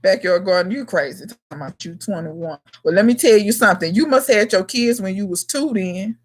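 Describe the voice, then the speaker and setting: A woman's voice: mid-range voice, lively intonation, a little fast. Blunt, slangy woman in her thirties. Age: 30s. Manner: emphatic, slangy and blunt, talking straight to viewers. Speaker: gardening channel host. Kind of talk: casual livestream chat answering viewers.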